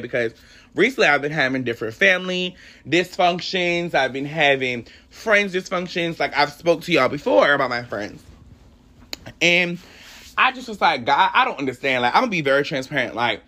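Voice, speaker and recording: A man's voice: fairly high pitch, pushed and bright. A young adult man hosting a solo podcast, telling a personal faith story in an emotional, rambling, heartfelt way. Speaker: podcast host.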